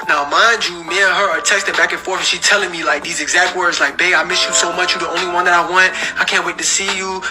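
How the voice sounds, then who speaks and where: A man casually telling a personal story in slangy speech and acting out the dialogue. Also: fairly high pitch. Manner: slangy, animated, acts out the dialogue.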